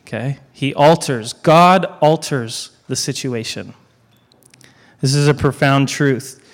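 Guest preacher, male, mid-pitched, emphatic with dramatic repeats and playful asides, long hall reverb. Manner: emphatic, repeats key lines with dramatic pauses; joking asides to the congregation. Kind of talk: sermon.

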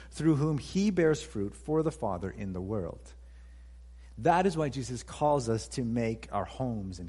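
A man's voice: mid-range voice, mellow, breathy edge, big-room sound. A man preaching a sermon as pastor, earnest, repeating key phrases for emphasis.

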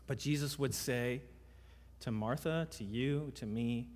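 A man's voice: medium pitch, normal speed, a little mellow. A man preaching a sermon as pastor in a church, emphatic, asking the congregation one rhetorical question after another. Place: church sanctuary. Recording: reverberant hall sound.

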